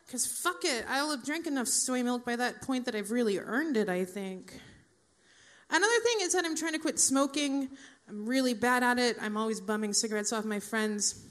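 A woman's voice: on the high side, a bit bright. A woman in her forties doing a stand-up comedy set, with dry, profane, self-mocking asides to the audience.

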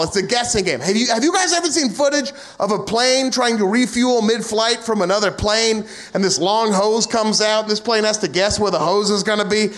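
A young man from the United States works through a stand-up comedy set in a strikingly high voice. He rambles, mocks himself and launches into profane rants, acting out little scenes along the way. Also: fairly bright tone. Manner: rambling, self-mocking, profane rants with acted-out asides.

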